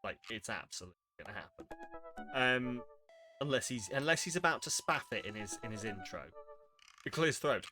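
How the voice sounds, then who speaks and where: A man's voice: medium pitch, animated, normal speed, sharp tone, soft background music. A man streaming a game, reading its lines aloud and reacting with wry, sarcastic asides. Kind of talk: casual commentary while reading a game aloud.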